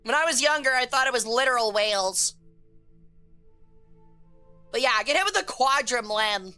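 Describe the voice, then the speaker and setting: A woman's voice: a little high, animated, normal speed, bright, forceful tone, clean tone, faint music behind. A woman streamer chatting casually with her viewers, joking crudely and rambling in a chaotic way. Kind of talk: casual live-stream chat.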